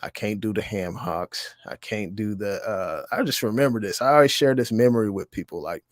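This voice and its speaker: On an investing livestream, a man with a lowish voice chats casually and fairly quickly, reading viewer comments in a rambling, slangy way full of fillers. The audio is studio quality with no echo.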